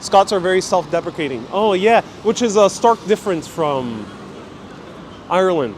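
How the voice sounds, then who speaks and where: A man's voice: sits high, lively intonation, normal speed. Chatty American man live-streaming from the street. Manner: chatty, reads viewer comments aloud. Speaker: travel vlogger. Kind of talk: live-stream walking vlog, reading chat. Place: outdoors on a city street. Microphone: handheld phone. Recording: noisy street.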